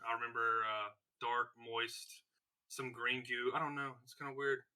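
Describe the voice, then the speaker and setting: A man's voice: mid-range voice, flat delivery, normal speed, pushed and bright, clear, resonant tone. A man introducing his character as a player, joking and laid-back.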